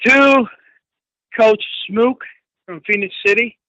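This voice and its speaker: A man in his fifties calling in, friendly and chatty, giving shout-outs. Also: high voice, slow, no echo, dull audio. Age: 50s. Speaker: caller. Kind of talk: call-in chat.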